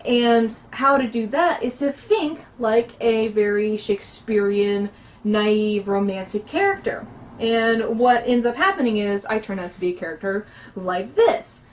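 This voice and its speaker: Woman explaining roleplaying, high voice. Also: slight background noise. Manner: earnest, instructive, with frequent pauses. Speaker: roleplaying instructor. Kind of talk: casual explanatory lesson. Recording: recorded from a distance.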